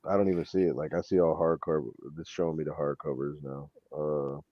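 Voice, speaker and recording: A man hosting a casual chat, telling stories in an animated way and saying "bro" a lot. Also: extremely low pitch, a little fast, no echo, dull audio. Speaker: show host.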